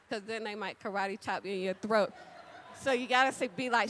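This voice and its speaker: A woman preaching an animated, chatty sermon, talking straight to the congregation and acting out little conversations. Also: fairly high pitch, brisk. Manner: animated, chatty, addresses crowd directly; acts out dialogue with big voice swings. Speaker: church speaker. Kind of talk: lively sermon with storytelling.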